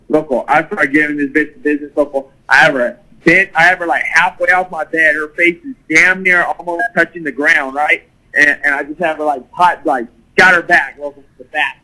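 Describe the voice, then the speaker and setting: A guest storyteller with a fairly high, sharp-toned male voice tells a crude, profane party story on a rough recording. The casual telling is packed with swearing and laughter.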